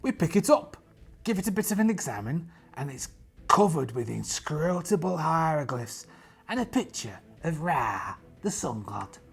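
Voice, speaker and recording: A man hosts a solo tabletop game with a gravelly, husky voice that swings up and down as he talks. He is chatty and full of jokey asides, and his voice sounds tired and strained. Faint music plays underneath. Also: on the high side, sing-song, normal speed.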